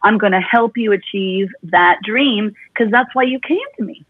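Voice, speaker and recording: A woman's voice: mid-range voice, moderate pace, slightly rough, phone-quality sound. A woman vocal coach, a guest in an interview, talking emphatically and repeating her points for stress. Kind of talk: podcast interview talk.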